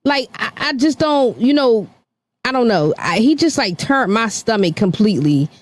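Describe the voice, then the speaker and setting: A woman's voice: a little high, sing-song, normal speed. A woman in a casual podcast debate who hesitates and restarts often as she voices her disapproval.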